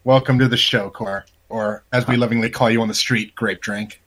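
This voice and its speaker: A man's voice: on the low side, fairly even intonation, normal speed, a bit bright. A man co-hosting a podcast, teasing his friends and swearing casually. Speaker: podcast co-host. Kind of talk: casual chat.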